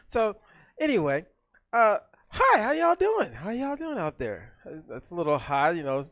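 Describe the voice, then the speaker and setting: On a theater stage, a comedy show host works the crowd into a stage mic with loud, hyped, animated banter. His voice is high, at normal speed, and the recording is dry.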